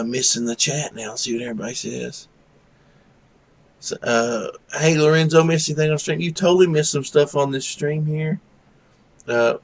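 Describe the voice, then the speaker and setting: A man's voice: creaky, slightly rough. A man hosting a live stream, chatting casually and rambling in a laid-back, self-deprecating way. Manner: coos at his dog in high baby talk. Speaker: livestream host.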